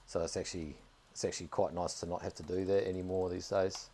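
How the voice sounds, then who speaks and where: A man with a New Zealand accent chatting casually while streaming a game, dropping the odd "bloody" and getting excited over finds. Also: deep voice, quick pace, a little hiss or hum. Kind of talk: casual live-stream commentary.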